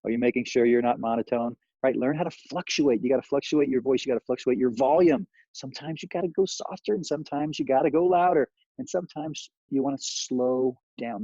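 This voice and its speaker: A man's voice: mid-range voice, a little fast, warm tone, breathy edge, no room sound, highs cut off. A man giving a sales training talk, rambling with many fillers and acting out lines he would say to customers.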